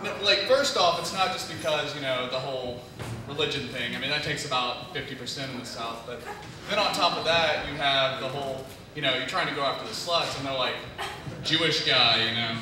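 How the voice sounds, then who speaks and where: The audience laughs as a young stand-up comedian from Tennessee, clearly nervous on his first outing, rambles and fills gaps with "you know." His voice is mid-range and fairly quick, captured from afar in an echoey club with background noise and the crowd audible.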